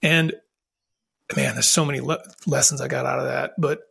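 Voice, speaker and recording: A man's voice: medium pitch, steady tone, normal speed, creaky, fairly bright tone, slightly rough. A man telling his own story as a podcast guest, in an earnest, reflective way with frequent restarts. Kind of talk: candid conversational storytelling.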